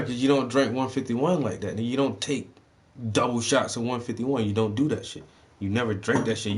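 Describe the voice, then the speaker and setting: A man telling profane, animated stories in casual chat as a livestream host, breaking into loud, high-pitched outbursts.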